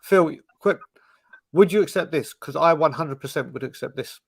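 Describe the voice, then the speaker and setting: A man's voice: fairly high pitch, moderate pace, vocal fry, breathy edge, dry recording. A man hosting a casual fan podcast, leading the questions and often repeating himself as he goes. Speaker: show host.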